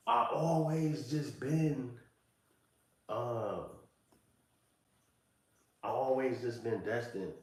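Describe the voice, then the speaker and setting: A man in his thirties sharing a reflective monologue in loose street slang, often repeating "you know what I'm saying.". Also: fairly low pitch. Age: 30s. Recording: distant mic in a very echoey room.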